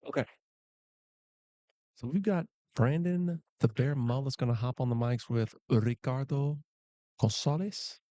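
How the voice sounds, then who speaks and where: Male pool commentator, mellow tone, dry close sound, joking and chatty. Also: medium pitch, a little slow, pauses often, no room sound. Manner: playful, chatty, jokey asides to chat. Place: pool hall commentary booth.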